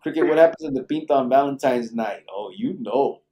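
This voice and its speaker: A middle-aged man talks at a mid pitch, easygoing and foul-mouthed. He reads out viewer comments and jokes with his co-host on a live late-night podcast. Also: a little fast, mellow. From Arizona. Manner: laid-back, profane, laughs often.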